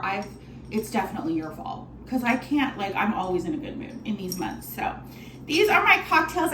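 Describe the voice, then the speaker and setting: A woman with a fairly high voice gives a relaxed, talkative cocktail lesson from her apartment's kitchen or bar area, cheerful and tossing out casual swears. She tends bar at a lounge. The recording has a roomy echo, music playing behind her, and some background noise.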